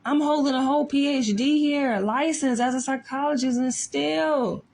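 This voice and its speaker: Emphatic woman psychologist with gravelly edge. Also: sits high, fairly even intonation, moderate pace, a little mellow, a little hiss or hum. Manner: emphatic, rhetorical "right?" asides. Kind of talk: casual commentary.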